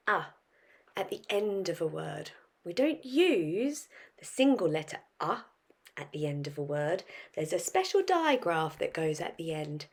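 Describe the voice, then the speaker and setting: A woman's voice: on the low side, very animated, unhurried. A woman teaching a phonics lesson to young children, sounding out words and asking questions. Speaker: primary school teacher.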